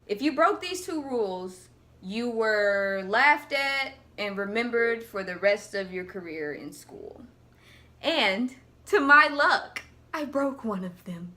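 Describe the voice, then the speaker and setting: A young woman tells an embarrassing story to her vlog audience. Her voice is bright and forceful, pitched a little high, and she jumps into a different voice for each person she quotes. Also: slow. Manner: animated, acts out quotes in voices. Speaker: vlogger.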